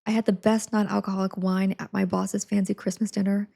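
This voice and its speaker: A woman's voice: medium pitch, level tone, fairly quick, vocal fry, warm tone. Woman streamer, casual chat, giggly, talks to viewers while packing, home setup. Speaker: livestreamer.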